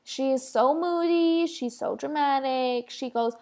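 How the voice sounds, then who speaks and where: A woman with a high voice hosts a solo podcast, talking in a casual rant. She rambles and stresses her points, filling her sentences with "like" and "literally.". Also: a little slow, few pauses, a little mellow. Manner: rambling, emphatic, heavy use of "like" and "literally". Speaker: podcast host.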